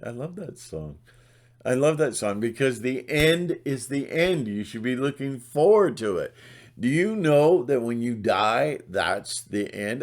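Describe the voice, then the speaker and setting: A man's voice: medium pitch, expressive, a little slow. A middle-aged man ranting in a blunt, sarcastic monologue, rambling with restarts and putting on mocking voices. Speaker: channel host.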